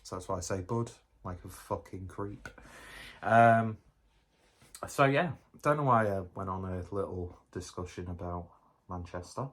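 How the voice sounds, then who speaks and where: A man's voice: sits low, unhurried. A man reviewing a beer in a casual vlog, rambling and joking at his own expense. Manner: rambling, jokey, self-mocking.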